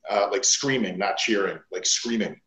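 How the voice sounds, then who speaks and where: Guesting on a wrestling podcast, this man speaks at a normal pace in a voice on the low side. He spins blunt, animated, swear-heavy stories in a casual interview setting, captured with a roomy echo.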